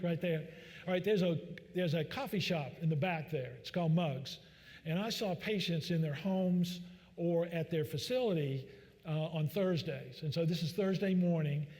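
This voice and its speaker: A physician with a slightly high, slightly mellow voice gives a public talk in a large church hall, where the sound carries a long reverb. His delivery is folksy and joking, packed with fillers.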